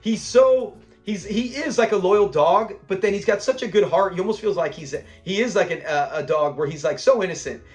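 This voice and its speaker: A man with a high-pitched voice talks through a classic sitcom episode in a loose, chatty way. He sounds enthusiastic and breaks into laughter as he recaps favourite moments, with faint music under him. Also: fairly quick, few pauses. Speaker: show review host. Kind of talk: casual episode breakdown commentary.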